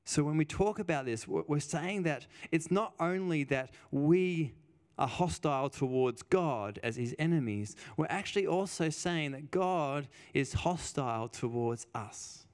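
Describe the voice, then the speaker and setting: A man's voice: on the high side, animated, a little slow, darkish tone, smooth. A man preaching a sermon in a conversational way, stressing points by repeating phrases and telling personal stories. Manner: emphatic, repeats phrases for weight.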